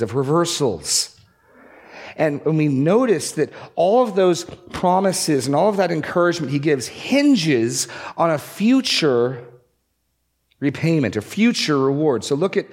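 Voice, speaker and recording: A man's voice: a little high, slightly rough. Guy preaching a sermon, punchy emphasis, swings up and down on key words. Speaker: pastor.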